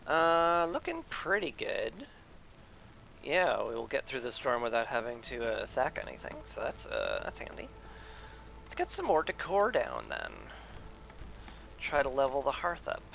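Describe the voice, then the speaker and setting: Gravelly man musing over a game. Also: mid-range voice, wildly swooping pitch, a bit bright, a little hiss or hum. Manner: musing aloud, playful asides, drawn-out fillers. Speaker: video game player. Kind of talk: casual game commentary.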